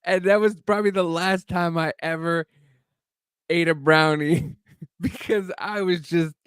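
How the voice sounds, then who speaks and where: A man co-hosting a podcast, telling a long self-mocking story in a loose, profane, animated way. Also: on the high side, a little slow, smooth, no echo, studio quality. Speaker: podcast co-host. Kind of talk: casual storytelling chat.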